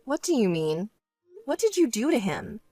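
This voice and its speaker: A woman voicing a level-headed young woman who speaks in a cool, dry and curt way in an animated story. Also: on the high side, moderate pace, dry recording, faint music behind. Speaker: narrating protagonist.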